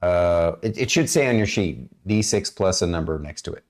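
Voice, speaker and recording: Low-ish guy dming a d&d stream, lots of ums and throat clearing. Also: animated, normal speed, darkish tone. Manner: rambling, many fillers and throat-clearing. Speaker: dungeon master. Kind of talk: running a tabletop game stream.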